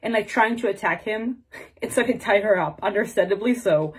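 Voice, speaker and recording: Woman ranting about a book she hated, husky voice, snarky, swears a ton. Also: medium pitch, moderate pace. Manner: sarcastic, swears a lot, acts out characters' lines. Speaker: book reviewer. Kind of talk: casual ranting book review.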